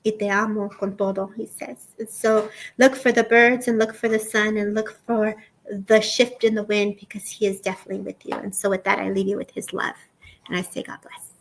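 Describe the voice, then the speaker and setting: An earnest woman talks in a soft, even voice as she gives a psychic reading. Her pitch sits in the middle of the range. She keeps coming back to "I feel like" as she relays the impressions she is receiving, in the loose style of a live stream. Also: moderate pace, creaky, poor audio. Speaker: psychic medium host.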